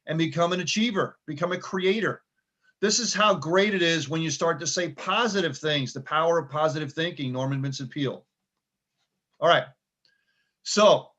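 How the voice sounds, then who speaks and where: A man's voice: a little high, moderate pace, a bit bright. A middle-aged man giving a casual motivational talk, conversational and full of "okay" and "right". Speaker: motivational speaker.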